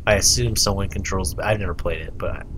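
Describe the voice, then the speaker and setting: A man's voice: low-pitched, fairly quick, fairly bright tone, slight background noise. A man chatting casually about video games, rambling with lots of "like" and swearing. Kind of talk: casual gaming chat.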